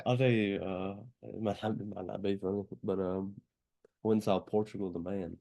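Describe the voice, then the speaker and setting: A man's voice: fairly low pitch, steady tone, moderate pace, creaky, dark tone. A man co-hosting a casual porch chat, telling funny stories and laughing through them. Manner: joking storyteller, laughs through his stories. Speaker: podcast co-host.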